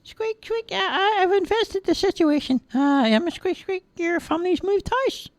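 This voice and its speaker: A tiny, talkative mouse from a storybook, chattering in a very high squeak and stumbling over his words. He fills the gaps with uhs but stays eager to help. The sound is dry and close. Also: expressive, normal speed, no room sound. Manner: squeaky, hesitant with many uhs. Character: chatty helpful little male mouse. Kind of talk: storybook reading.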